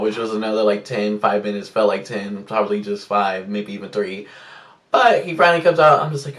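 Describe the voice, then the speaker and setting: A young man tells a story to camera in a loose, chatty way. He jumps from hushed asides to sudden shrill squeals when he plays out his own reactions. His voice carries a roomy echo and sits a little away from the microphone. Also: far from the mic. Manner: animated, swings into loud high squeals and hushed whispers when quoting himself. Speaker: vlogger. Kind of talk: casual storytime chat. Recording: roomy echo, a bit off-mic.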